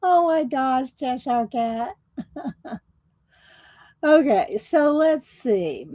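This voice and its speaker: This livestream host is a woman at home, talking casually into a desktop USB microphone, laughing a lot and calling out viewers by name. She has a high, mellow, expressive voice and stretches her words out. The audio is dry and low in quality.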